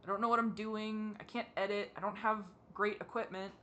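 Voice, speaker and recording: A young adult vlogger with a high, feminine-sounding voice that has a bright, tense edge. They are crying as they talk straight into a camera mic. Faint room noise hums behind the halting, self-doubting questions. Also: level tone.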